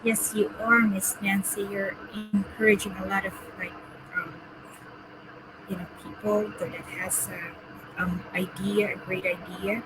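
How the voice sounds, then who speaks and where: A woman's voice: mid-range voice, steady tone, a little slow, noisy background. A woman from the Philippines hosting a casual interview, chatty and enthusiastic with many fillers. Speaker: host.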